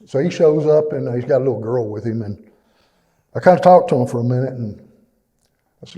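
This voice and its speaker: A man's voice: medium pitch, fairly quick, long pauses, mellow. A middle-aged man giving a plainspoken, emotional personal testimony at a church, with many fillers. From East Texas. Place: church fellowship hall. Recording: long reverb in a church hall.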